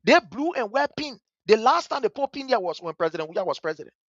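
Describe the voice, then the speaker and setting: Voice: mid-range voice, very animated, quick pace, a bit bright, no echo, highs cut off. A host with a Liberian accent who comments angrily and passionately on a video during a livestream. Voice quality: passionate, emphatic, repetitive. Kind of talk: angry live commentary over a video.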